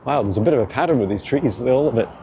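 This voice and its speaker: A man's voice: mid-range voice, lively intonation, racing, background noise. A man rambling casually while walking outdoors through city streets, filming on a handheld phone, chatty and laughing often. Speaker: vlog host. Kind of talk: walking tour vlog.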